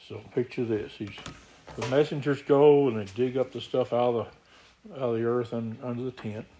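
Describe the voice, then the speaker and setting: A man delivers a sermon in a mellow, warm voice of middling pitch. He reads scripture aloud and then explains it in plain, earnest words to his congregation. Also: fairly even intonation, moderate pace, a little hiss or hum, rough recording. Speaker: preacher.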